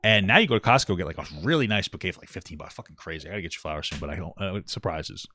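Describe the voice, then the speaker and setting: Fast-talking profane man in his thirties. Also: sits low. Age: 30s. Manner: blunt and profane, self-deprecating, animated swings in loudness. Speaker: podcast co-host. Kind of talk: casual chat.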